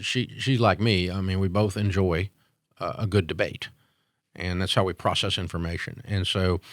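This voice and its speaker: A man's voice: low voice, no echo, studio quality. A man in his sixties, a business owner answering interview questions in a blunt, opinionated way with frequent fillers.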